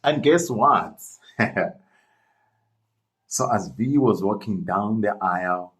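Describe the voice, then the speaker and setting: A man narrating a storytime story in an animated, chatty way, talking straight to viewers. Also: fairly low pitch, slow, rough recording.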